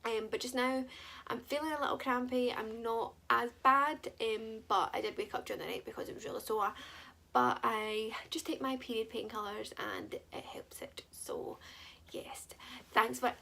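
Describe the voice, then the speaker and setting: A woman's voice: on the high side, normal speed, vocal fry, pushed and bright. A young woman, chatting candidly and rambling in a personal vlog. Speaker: vlogger.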